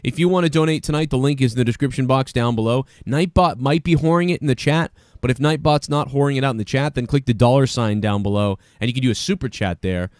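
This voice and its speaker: A man hosting a live wrestling review stream, talking casually, excitably and with lots of swearing. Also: medium pitch, fast, hardly any pauses, dry recording, clean studio sound. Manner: profane, excitable, rambling. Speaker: wrestling podcast host.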